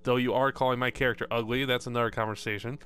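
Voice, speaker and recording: A man's voice: medium pitch, fairly even intonation, rapid-fire, a bit bright, clean tone, faint music behind. A man casually commenting while playing a video game, rambling and joking and swearing now and then. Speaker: gaming video host. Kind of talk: casual let's-play commentary.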